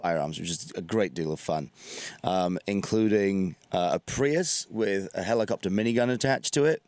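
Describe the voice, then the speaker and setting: A man with an English accent, talking in a relaxed, blunt, dryly funny way as a guest on a studio talk show. His voice sits on the low side and sounds dry and close to the mic. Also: normal speed, no echo. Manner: laid-back, blunt, dry humor. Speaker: guest musician. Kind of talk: casual interview chat.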